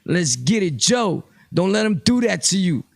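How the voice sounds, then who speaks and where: A man's voice: high voice, sing-song, normal speed, creaky, no echo, clean studio sound. A man from Brooklyn, talking casually to his viewers in a rambling, streetwise opinion vlog full of fillers. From Brooklyn, New York. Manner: streetwise, direct, addresses viewers. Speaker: vlogger, channel host.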